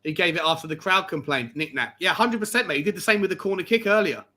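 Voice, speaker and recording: A man hosting a live football watchalong, reacting loudly to every play, swearing and swinging between yelling and muttering. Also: high voice, quick pace. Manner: excitable, swings between shouting and mumbling, swears. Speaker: fan show host.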